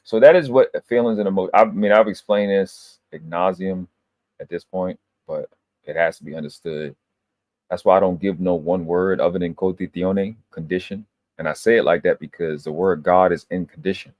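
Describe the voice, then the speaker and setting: A man's voice: sits low, steady tone, normal speed, a little mellow, dry recording. A man hosting a live stream, holding forth in an emphatic, lecturing way with plenty of swearing. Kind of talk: casual profane monologue.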